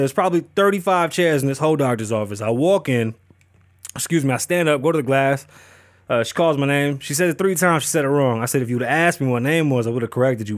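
A male podcast host telling a story in a casual monologue, animated and profane, acting out the dialogue himself. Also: a little high, no echo, studio quality.

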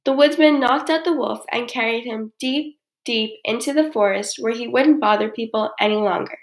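A woman's voice: a little high, moderate pace, few pauses. Woman reading a fairy tale aloud. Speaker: narrator. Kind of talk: storybook reading.

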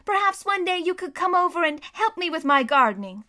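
A woman puts on a sweet, kindly neighbor lady from a storybook, her voice lifted high and bright. She sounds warm and inviting. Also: big pitch swings, a little fast, exaggerated voice. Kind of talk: storybook reading.

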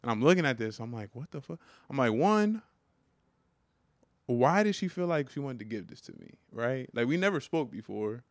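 A man's voice: medium pitch, sing-song, normal speed, dry recording. A man co-hosting a podcast, telling a story, full of "like" and "right?". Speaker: podcast co-host. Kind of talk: casual storytelling chat.

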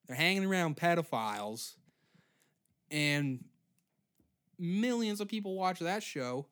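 A man's voice: fairly high pitch, expressive, slow, a bit bright, clear, resonant tone. A man in his twenties hosting a solo comedy podcast, ranting sarcastically and swearing often. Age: 20s. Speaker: podcast host.

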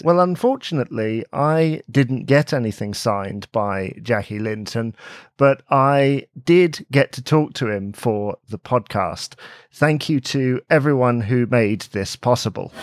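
A man's voice: medium pitch, lively intonation, measured pace, no room sound. Upbeat male podcast host, dry sound. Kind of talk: casual chat and interviewing.

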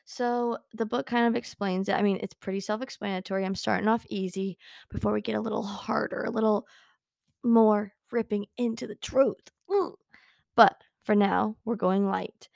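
A young woman hosts a casual talk show in a bubbly, chatty way and giggles as she goes. Her voice sits at an everyday middle pitch. It is recorded close and dry, with no room sound. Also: steady tone, moderate pace, gravelly, a little mellow, no room sound. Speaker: podcast host. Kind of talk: casual chat with book readings.

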